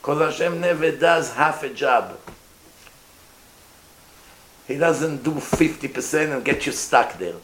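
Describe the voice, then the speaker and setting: Animated man, echoey room. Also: fairly high pitch, moderate pace. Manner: animated, asks the listeners questions, acts out voices. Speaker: rabbi giving a Torah class. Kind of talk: informal Torah lecture to a live group. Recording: echoey room, faint noise.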